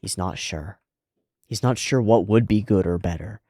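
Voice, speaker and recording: A man's voice: fairly low pitch, moderate pace, warm tone, no echo, studio quality. A man reacting to an anime episode, thinking aloud in a casual, reflective way and often saying "like". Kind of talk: casual analytical commentary.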